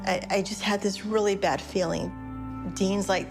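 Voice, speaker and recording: A woman in an interview tells a personal memory with emotion. Music plays clearly behind her. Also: medium pitch, fairly even intonation, measured pace.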